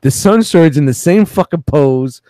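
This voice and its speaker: A man's voice: on the high side, lively intonation, unhurried, dark tone, dry recording. A man co-hosting a casual podcast, telling a rowdy story with lots of swearing. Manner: rowdy, laughing, swears a lot. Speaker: podcast co-host, toy vendor.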